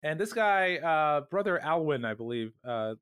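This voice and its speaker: A young man co-hosting a podcast, retelling a TV episode in casual chat and mocking the characters with quick put-on voices. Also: fairly high pitch, clear, resonant tone, no echo, studio quality. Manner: animated, acts out characters mockingly while retelling. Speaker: podcast co-host.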